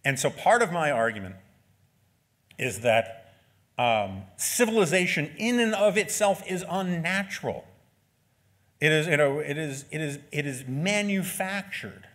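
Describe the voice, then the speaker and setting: A man's voice: a little high, expressive, a little slow, a bit bright. A man in his forties giving an unscripted talk as an author, with wry asides and frequent "right?" tags. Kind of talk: speaking at an event. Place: lecture venue.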